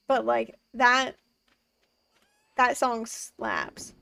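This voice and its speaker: A woman's voice: on the high side, little pitch movement, very slow, vocal fry, bright, forceful tone, dry recording, far from the mic. A woman in her twenties streaming a farming game from home, chatting casually with her chat and laughing often. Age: 20s. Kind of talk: casual live-stream chat while gaming.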